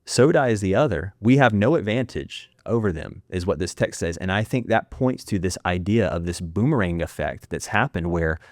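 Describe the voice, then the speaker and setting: A man, a filmmaker guest on a podcast, talking intensely in rapid bursts with frequent restarts. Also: low voice, dry recording, clean studio sound. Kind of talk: impassioned podcast interview.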